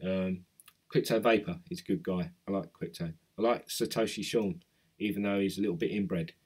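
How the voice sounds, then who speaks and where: A man's voice: sits low, moderate pace, darkish tone, slightly rough. A man from South East London with a London accent, chatting casually as a crypto YouTuber and reading out viewer comments. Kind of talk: casual chat with live chat viewers.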